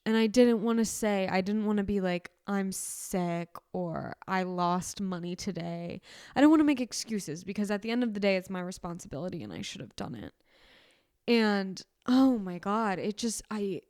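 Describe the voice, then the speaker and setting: A woman's voice: mid-range voice, mellow, no echo, clean studio sound. A young woman co-hosting a podcast, telling a stressful story in a rambling, emotional way, with frequent restarts. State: sick. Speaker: podcast co-host. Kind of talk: casual chat.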